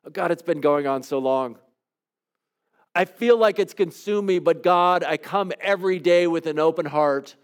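A man leading a devotional, praying aloud in an earnest, pleading way with soft, hushed trailing endings, then teaching calmly. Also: a little high, moderate pace. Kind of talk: reflective spoken prayer and teaching.

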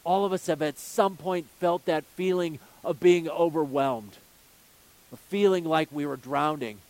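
A man's voice: fairly high pitch, a little slow, a little mellow. A male pastor preaching a sermon, earnest, building his points with repeated phrases and rhetorical questions.

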